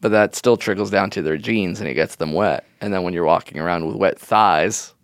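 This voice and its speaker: Gravelly rambling comedic man. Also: low-pitched, a little fast, dry recording, clean studio sound. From Miami. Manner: rambling, joking, laughs often. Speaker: podcast co-host. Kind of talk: comedic casual chat.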